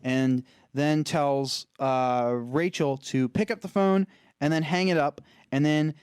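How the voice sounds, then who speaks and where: A man co-hosting a podcast, eagerly recapping a movie plot in casual chat and jumping up in pitch to act out lines. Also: fairly even intonation, slow pace, darkish tone, clean tone, dry recording, studio quality. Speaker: podcast co-host.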